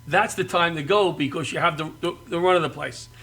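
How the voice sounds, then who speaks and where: A middle-aged man from the New York area telling comic family stories, animated and often laughing and yelling. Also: on the high side, brisk. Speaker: guest comedian. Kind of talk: comic storytelling.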